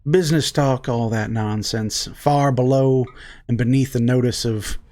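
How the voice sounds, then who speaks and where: A man voicing a charming, flattering male dwarf trader who speaks in a smooth, old-fashioned, folksy way. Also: medium pitch, unhurried, natural voice.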